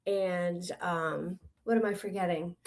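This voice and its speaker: A woman's voice: on the low side, fairly even intonation, a little slow, darkish tone. A woman chatting as a podcast guest, friendly and listing things with small hesitations. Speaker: guest, pickleball club co-founder. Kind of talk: casual podcast chat.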